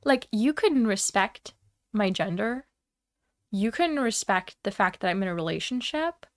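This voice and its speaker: A young adult woman streamer telling a story in a heated, profane, animated casual rant. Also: medium pitch, measured pace, no room sound, clean studio sound. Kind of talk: casual ranting chat.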